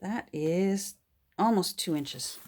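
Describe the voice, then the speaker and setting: A woman's voice: on the low side, takes it slowly, noisy background. An older woman showing off thrift finds in a casual, delighted way, sometimes dropping to whispers. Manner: delighted, often drops to soft whispers and gasps. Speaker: vlogger showing a thrift haul. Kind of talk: casual show-and-tell.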